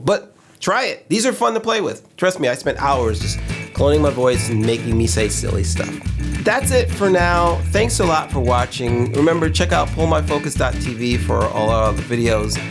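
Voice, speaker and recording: A man hosting a filmmaking channel, giving a candid, opinionated, conversational review of software. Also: fairly high pitch, vocal fry. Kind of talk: casual tech review talk.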